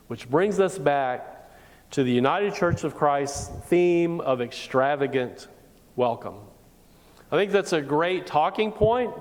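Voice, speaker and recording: A woman pastor preaching a sermon and posing rhetorical questions in a deliberate way. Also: low-pitched, a little mellow. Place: church sanctuary. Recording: long reverb of a church hall.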